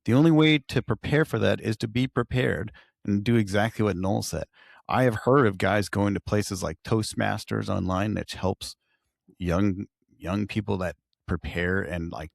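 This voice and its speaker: Man, gravelly voice, casual podcast storyteller, dry studio sound. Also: fairly low pitch, no room sound. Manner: storytelling, animated when quoting others. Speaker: podcast co-host, firefighter.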